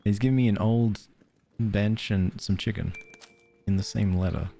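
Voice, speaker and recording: A man's voice: lowish voice, steady tone, moderate pace, gravelly, dark tone. A man streaming a cozy game, chatting casually and giggling while reading game letters aloud. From Australia. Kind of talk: casual let's-play chat.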